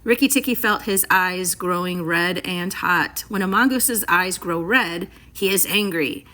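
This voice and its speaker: A woman reading a classic story aloud for students in a clear, expressive, measured way. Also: fairly low pitch.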